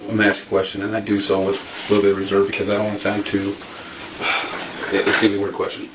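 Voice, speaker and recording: A man's voice: lowish voice, completely flat delivery, fast talker. A man interviewing a guest, asking his questions in a hesitant and careful way. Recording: distant echoey room with noise.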